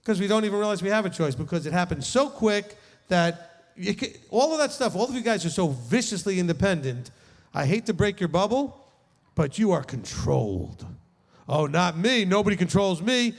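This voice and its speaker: A man teaching a midrash as rabbi, in an animated, joking and emphatic way, in a large tent. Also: high-pitched, normal speed, big-room sound. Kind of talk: lively teaching talk. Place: large tent with a live group.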